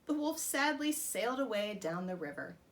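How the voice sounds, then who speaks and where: A woman hosting a princess storytime, reading a children's storybook aloud in an expressive, animated manner. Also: medium pitch, moderate pace. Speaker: storytime host dressed as a princess.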